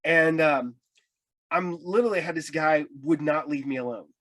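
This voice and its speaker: Podcast host guy, rambly stories, kinda high voice. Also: moderate pace, fairly bright tone. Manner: rambling anecdotes with many restarts. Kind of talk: casual interview chat.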